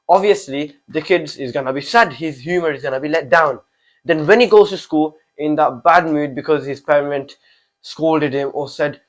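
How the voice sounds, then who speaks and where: A fifteen-year-old boy hosts his own channel, delivering an impassioned opinion monologue packed with repeated rhetorical questions. His voice is a little high at a normal speed, and the recording quality is low.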